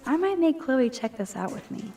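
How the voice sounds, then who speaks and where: A woman's voice: high voice, very animated, normal speed, warm tone, faint music behind. A woman voicing a teenage girl, a small-town senior student in a video game, thinking aloud in wry asides. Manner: wry inner commentary, sometimes whispered.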